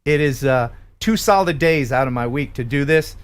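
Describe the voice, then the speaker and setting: A man's voice: mid-range voice, animated, moderate pace, clean tone. A man hosting a live stream, joking casually and reading out donations with an upbeat lift. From USA. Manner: jokey, chatty, reads names with upbeat lift. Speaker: livestream host.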